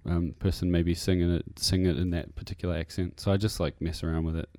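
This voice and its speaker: A man's voice: sits low, little pitch movement, quick pace, dark tone, no room sound, studio quality. A man with a New Zealand accent, a musician guest rambling through an interview with many fillers and restarts. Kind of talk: casual interview chat. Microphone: radio studio mic.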